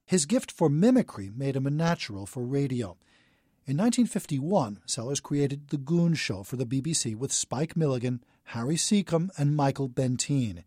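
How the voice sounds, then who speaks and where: A man giving measured, scripted documentary narration. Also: medium pitch, animated, mellow, dry recording, studio quality.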